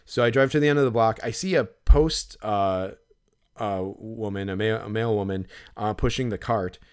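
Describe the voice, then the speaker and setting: A man with a fairly low, clean voice at normal speed co-hosts a podcast, spinning a long, casual story. Full of fillers and swearing, he rambles and becomes animated while retelling his own thoughts.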